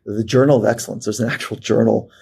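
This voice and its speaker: A man, a performance psychologist, telling a personal story as a podcast guest in an animated way, with fillers and restarts. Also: on the low side, fast talker, creaky, husky. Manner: animated storyteller who acts out quoted voices, many fillers and restarts.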